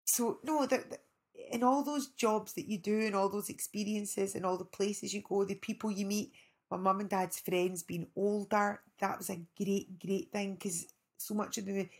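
A woman's voice: mid-range voice, moderate pace. A middle-aged Scottish woman, an actress guest, telling rambling anecdotes in casual chat. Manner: animated, rambling anecdotes with restarts.

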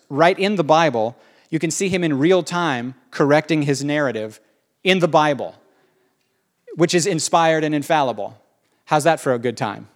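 Male pastor, animated sermon, conversational and emphatic, somewhat high pitch. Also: normal speed.

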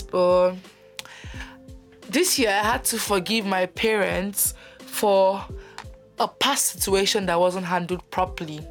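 A young woman hosting her own podcast, talking candidly and animatedly about her personal life, often laughing. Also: fairly low pitch. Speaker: podcast host. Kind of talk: personal reflective monologue.

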